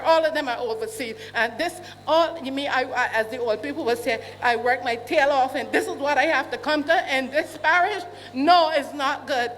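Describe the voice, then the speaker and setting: A woman in her sixties with a Barbadian accent, speaking up indignantly as a resident at a town hall meeting, often asking questions aloud. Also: high-pitched. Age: 60s. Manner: indignant, repeats questions, rising to shouts. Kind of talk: public complaint at a meeting. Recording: hall reverb, faint hum.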